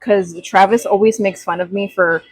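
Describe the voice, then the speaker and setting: Chatty young woman with a husky voice. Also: medium pitch, fairly even intonation, normal speed, rough recording. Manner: chatty, greets viewers with bright gasps. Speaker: livestream crafter. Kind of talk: casual livestream chat. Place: craft workspace at home. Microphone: small clip-on mic.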